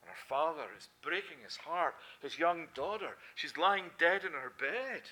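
A man preaching a sermon with a lilt, swinging between loud, fervent emphasis and soft, hushed passages. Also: a little high, animated, unhurried, hardly any pauses, a little hiss or hum. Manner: impassioned, rising to loud emphasis then dropping to soft quiet.

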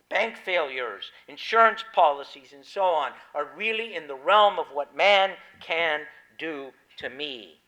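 A man's voice: on the high side, lively intonation, a little slow, few pauses, sharp tone, poor audio. A man preaching a sermon, explaining a scripture passage and stressing key words with emphasis. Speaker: pastor.

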